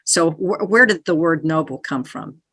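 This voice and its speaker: Woman interviewer, deep voice, affirming and curious. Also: lively intonation, moderate pace, fairly bright tone, husky, no echo, studio quality. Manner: affirming, thoughtful questioner. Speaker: interview host. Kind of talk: conversational interview.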